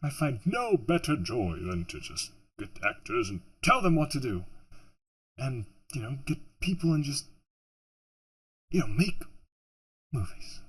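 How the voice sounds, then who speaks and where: Man, husky, mid-pitched, rambling self-interview chat. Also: very animated, unhurried, pauses often. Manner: rambling, many fillers and restarts. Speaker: audiobook producer.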